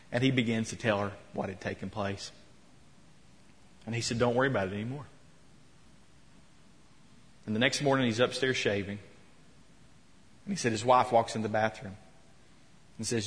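A man's voice: on the low side, fairly even intonation, a little fast, long pauses. A man preaching a sermon in a church, telling a story and retelling quotes with rising emphasis. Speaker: pastor. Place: church sanctuary. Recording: long hall reverb.

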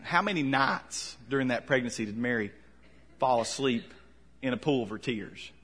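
A man preaching a conversational sermon, asking questions and letting his voice drop soft at the ends of lines. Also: medium pitch, expressive, normal speed, husky. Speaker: pastor.

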